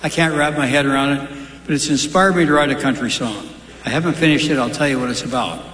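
A man's voice: medium pitch, fast talker, fairly bright tone. A male stand-up comedian doing a set, firing punchy one-liners and chatting with the crowd. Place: large live venue. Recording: echoey live hall with crowd noise.

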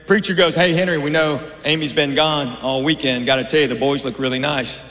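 A man's voice: a little high, steady tone, a little fast, a bit bright. A middle-aged man doing a stand-up comedy set on stage, telling dry, conversational stories with asides to the crowd. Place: large hall on stage. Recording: roomy hall reverb, faint noise.

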